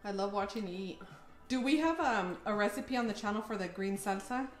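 A woman's voice: medium pitch, a little fast, faint music behind. Teasing woman co-host, echoey room. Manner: teasing, relaxed side comments. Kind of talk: casual chat.

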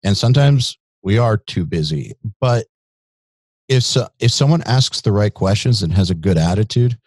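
Deep-voiced blunt man. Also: lively intonation, moderate pace, a little mellow, no room sound. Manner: candid, blunt. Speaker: podcast guest, company CEO. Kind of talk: casual interview chat.

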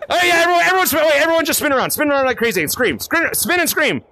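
Male gaming host, high and bright tone, faint hiss behind, constant excited chatter. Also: fast. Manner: excitable, calls out names, laughs often. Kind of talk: live-streamed VR game chat.

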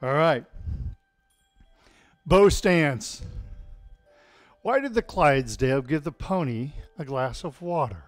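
Man, tai chi instructor, unhurried home-stream cueing with dry puns, dry close mic. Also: a little high, no room sound, soft background music. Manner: calm cueing of movements mixed with deadpan puns. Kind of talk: live-streamed exercise class with jokes. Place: home, alone without a live audience.

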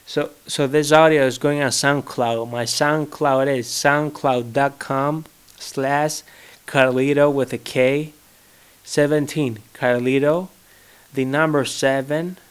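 Slow-talking young Greek-accented man. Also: mid-range voice, fairly even intonation, smooth. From Greece. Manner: rambling, joking, searches for words. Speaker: vlogger. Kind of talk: casual solo monologue. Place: his home.

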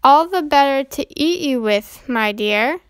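A woman reading aloud, giving a sly wicked male wolf a soft coaxing storybook voice. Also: high voice, lively intonation, measured pace, no room sound, clean studio sound. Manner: soft coaxing voice, a growl beneath.

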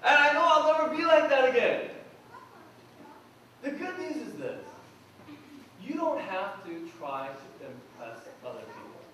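High-voiced pastor in echoey church. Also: male voice, fairly bright tone, a little hiss or hum. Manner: conversational, asks the congregation questions; humorous personal anecdotes. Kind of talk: sermon. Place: church sanctuary. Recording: echoey church hall from far off.

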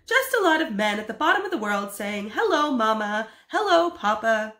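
A woman's voice: fairly high pitch, very animated, normal speed, pushed and bright. A woman voicing a fussy, practical middle-aged housewife in a storybook reading, speaking in a scolding, exclamatory way. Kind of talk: storybook read-aloud. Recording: echoey room.

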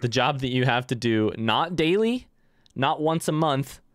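A young man casually commenting while he plays a game and chats with viewers, breaking into yelps and shouts when things go wrong. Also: medium pitch, a little slow, clear, resonant tone. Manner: excitable, swings into yelps and shouts at failures; chatty with chat, reads messages aloud. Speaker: streamer playing a game. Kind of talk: casual let's play commentary.

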